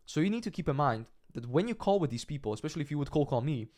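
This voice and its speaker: Talking very fast and very animatedly, this agency coach has a fairly high, darkish voice. The young adult man runs a cold-calling sales lesson in a direct way, acting out example calls and frequently asking "right?"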